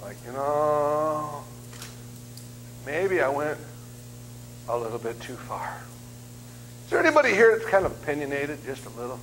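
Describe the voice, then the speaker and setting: A man in his fifties preaching as a guest speaker, telling funny stories in an animated, self-deprecating way. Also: a little high, measured pace, long pauses, slight background noise, low-quality recording. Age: 50s. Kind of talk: humorous sermon storytelling. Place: church sanctuary.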